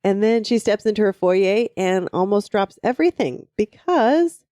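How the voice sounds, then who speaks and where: A woman's voice: mid-range voice, animated, normal speed, warm tone, no room sound, clean studio sound. A woman co-hosting a book podcast, recapping the story in a gushing, laughing way. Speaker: podcast co-host. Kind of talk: casual book discussion.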